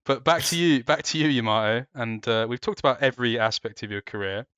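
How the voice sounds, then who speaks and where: A man hosting a casual interview, asking relaxed, encouraging questions. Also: medium pitch, a little fast, smooth, no echo, highs cut off.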